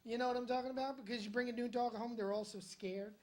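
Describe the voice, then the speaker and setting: A man's voice: very high voice, fairly even intonation, fast talker. A male stand-up comedian telling jokes and stories on a comedy club stage in a wry, conversational way, with punchy jokes. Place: comedy club stage in front of a live audience.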